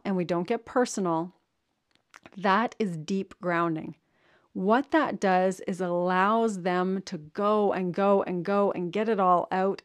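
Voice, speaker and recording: Speaking in a mid-range voice, a woman gives leaders communication coaching through a steady, earnest instructional monologue, stressing and repeating her key words.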